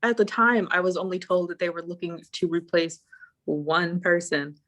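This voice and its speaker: A woman's voice: on the low side, moderate pace. A young woman on an online voice call, telling a story in casual chat, swearing often and acting out what she said at the time. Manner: animated, swears often, acts out her own past lines. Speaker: guest.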